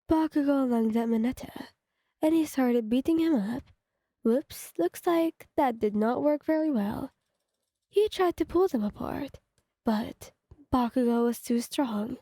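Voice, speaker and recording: A young woman narrating a second-person fan fiction story in an even, read-aloud delivery. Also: high-pitched, measured pace, dry recording, clean studio sound.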